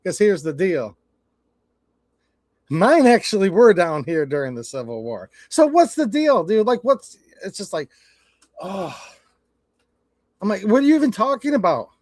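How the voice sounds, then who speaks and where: Speaking high with big swings in pitch, the Michigan-accented host takes a measured pace and pauses often, his tone on the darker side. He swears bluntly through stories with quoted exchanges on a casual livestream rant, recorded clean in a studio with no room sound.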